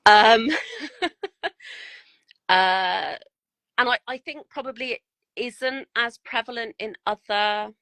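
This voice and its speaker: A woman's voice: a little high, slow, long pauses, pushed and bright, no room sound, poor audio. A woman, a guest miniature painter, chatting bluntly and frankly on a podcast and swearing freely. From United Kingdom. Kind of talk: casual podcast chat.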